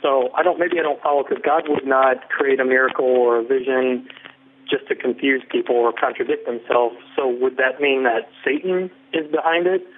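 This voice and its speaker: A man's voice: mid-range voice, fairly even intonation, normal speed. A man calling into a radio show, asking questions hesitantly with many fillers. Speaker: caller. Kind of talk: phone-in question. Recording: tinny phone line with faint noise.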